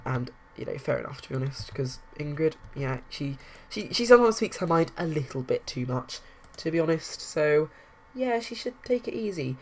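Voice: medium pitch, lively intonation, brisk, slight background noise. Chatty game commentator rambling along, lots of ums and likes, keeps hiccuping, home mic. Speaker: let's-play commentator. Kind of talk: casual gameplay commentary.

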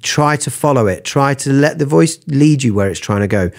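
A man with a British accent teaching singing, talking in a relaxed, encouraging way between vocal exercises. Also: medium pitch, normal speed, gravelly. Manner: relaxed, encouraging, talks while demonstrating. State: slightly under the weather after sneezing. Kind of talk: spoken vocal lesson between sung exercises.

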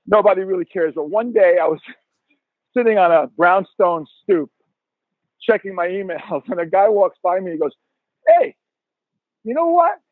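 A man in his sixties, a guest musician telling profane, animated stories in a podcast interview over a tinny phone line. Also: high-pitched, normal speed, dry recording.

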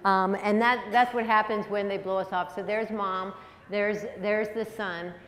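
Lively woman lecturing in a hall. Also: medium pitch, a little slow, a little hiss or hum. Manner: lively, conversational, audience-engaging. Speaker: speaker, psychologist. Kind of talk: public lecture. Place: high school auditorium. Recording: long hall reverb.

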